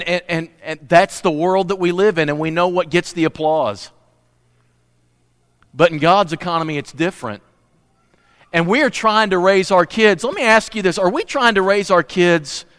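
A middle-aged man preaching a sermon, telling stories lively and asking the congregation questions. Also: high-pitched, clean tone. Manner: animated storytelling with audience questions. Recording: reverberant hall.

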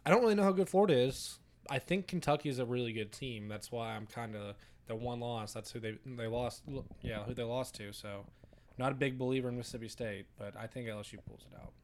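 A man co-hosting a casual sports podcast, opinionated and quick to laugh as he trades football predictions. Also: mid-range voice. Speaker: podcast co-host.

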